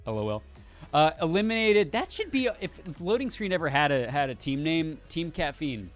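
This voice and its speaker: A man's voice: on the high side, sing-song, moderate pace, soft background music. A man co-hosting a casual gaming news show, rambling a bit with restarts as he reads out the news. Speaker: co-host.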